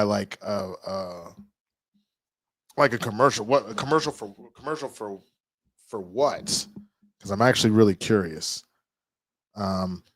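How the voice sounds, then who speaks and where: A man streaming live, chatting casually with his viewers, reading their messages and reacting loudly to clips. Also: on the low side, no echo. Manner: animated, reacts loudly to clips and reads chat.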